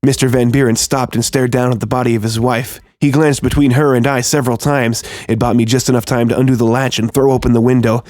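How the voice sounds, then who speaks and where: Man, horror narration, first person, tense and steady, mid-pitched, dry studio sound. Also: fast, hardly any pauses, no room sound.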